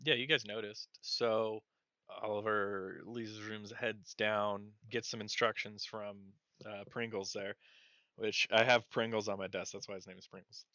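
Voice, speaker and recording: Bright-voiced man narrating a tabletop game. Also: on the low side, unhurried, no room sound, highs cut off. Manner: relaxed, rambling narration with fillers. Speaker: game master.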